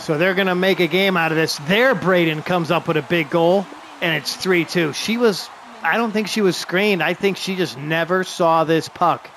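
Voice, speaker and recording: A man giving excited play-by-play of a hockey video game he is playing, openly rooting for his team. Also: high voice, normal speed, slight background noise.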